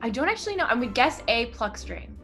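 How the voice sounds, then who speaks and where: High, animated young woman answering a quiz. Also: fast talker, over loud music. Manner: animated, laughs often, shrieks when wrong. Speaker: guest musician. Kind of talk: casual quiz chat.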